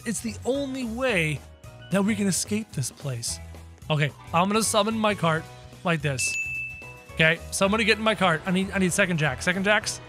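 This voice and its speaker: Excitable young man narrating gameplay. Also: high voice, normal speed. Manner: excitable, narrating every move to viewers. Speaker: gaming channel host. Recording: faint game music behind.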